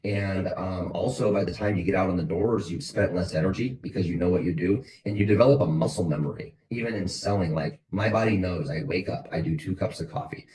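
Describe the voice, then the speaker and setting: A man's voice: sits low, brisk, few pauses, a little mellow, poor audio. A man coaching his sales team on a call, blunt and motivational, repeating his points over and over.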